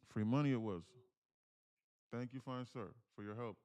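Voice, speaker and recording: A man's voice: fairly quick, darkish tone, dry recording, clean studio sound. A young man streaming live as a day trader, talking through his trades and chatting with his viewers. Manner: chatty, thanks viewers, switches to a higher put-on voice when reading comments. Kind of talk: live trading commentary.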